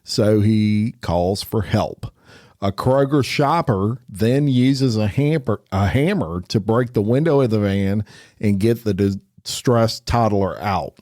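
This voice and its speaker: Brief: male podcast host, lowish voice, casual headline reading with blunt asides. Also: slow, darkish tone, dry recording, clean studio sound. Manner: reads headlines, adds blunt opinions. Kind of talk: casual news reading with comments.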